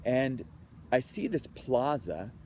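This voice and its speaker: A man's voice: medium pitch, big pitch swings, slow pace, darkish tone, a little hiss or hum. Earnest man telling a story outdoors. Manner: earnest, heartfelt, conversational. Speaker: creativity speaker. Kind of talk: personal storytelling talk.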